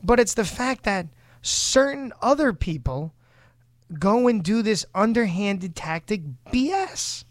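A man with a fairly high voice rants bluntly on a casual talk show, swearing as he vents. His speech is heated and straight to the point. The sound is dry and close, with no room around it. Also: expressive, slow pace, no room sound. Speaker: show host. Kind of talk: casual podcast rant.

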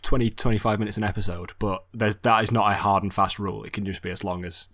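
A young man chatting on a podcast, his voice set a bit low and his words run together in a quick mumble. The sound is dry and close, with no room around it. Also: steady tone, fairly bright tone, no echo. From Sheffield, England. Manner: mumbly, talks fast and low. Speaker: podcast host. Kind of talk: casual chat.

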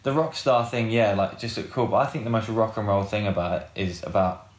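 Rock guitarist guest: man, low voice, loose rambling talk, echoey room. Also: a little fast. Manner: rambling, heavy on fillers and swearing. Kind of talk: casual interview chat.

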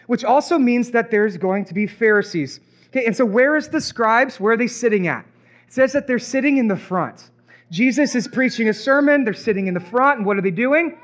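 A man's voice: very high voice, fairly bright tone, dull audio. A man preaching a sermon as pastor, emphatic, with rhetorical questions, repeated phrases and playful asides.

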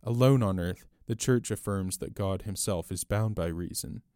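Male narrator, low register, dry close sound, measured storytelling. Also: dark tone, clean tone, no room sound. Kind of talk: scripted audiobook narration.

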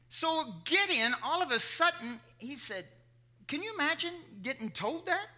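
Middle-aged male preacher, high ringing voice, animated sermon with stories. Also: moderate pace. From Kentucky. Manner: animated preaching with storytelling asides. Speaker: pastor.

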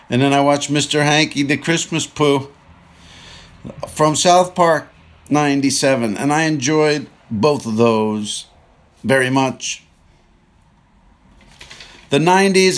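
A man hosting a countdown show, talking casually from his car and joking as he thinks aloud. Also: mid-range voice. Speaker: show host. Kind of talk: casual rambling monologue.

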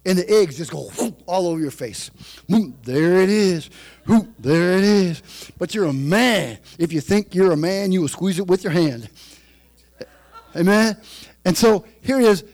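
A man preaching a sermon, moving from chatty storytelling to loud, shouted preaching. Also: high-pitched, animated, moderate pace.

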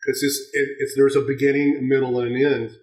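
A man co-hosting a casual film review chat, talking haltingly with many restarts. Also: medium pitch, flat delivery, darkish tone, far from the mic. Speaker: podcast co-host. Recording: echoey room, voice off-mic.

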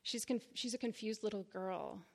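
Woman, 30s, writer reading her memoir live; measured phrasing, gravelly edge. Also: medium pitch, a little mellow. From Boston area, United States. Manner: deliberate, measured reading in short phrases with blunt frankness. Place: reading series event before an audience.

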